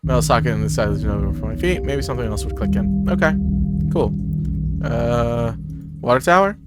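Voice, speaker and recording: A man gives casual let's-play commentary in a middle-pitched voice while under the weather. He reads the game text aloud and chats along, with music playing behind him. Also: brisk. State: under the weather, chapped lips.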